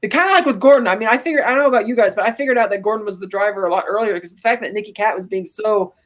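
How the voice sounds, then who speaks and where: A podcast co-host on a call, casually recapping a film scene beat by beat in an animated, storytelling way. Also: medium pitch, rapid-fire. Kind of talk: casual movie recap chat.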